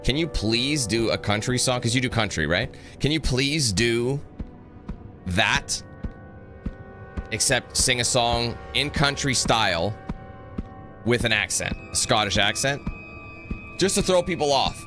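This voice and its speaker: A man talks through a horror game in loose, rambling commentary, cracking jokes as he plays. His voice is bright and forceful, with game music faint underneath. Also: medium pitch, expressive, a little slow, long pauses. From North America. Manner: joking, rambling, sings snatches and does mock voices. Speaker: gaming channel host. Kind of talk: casual gameplay commentary.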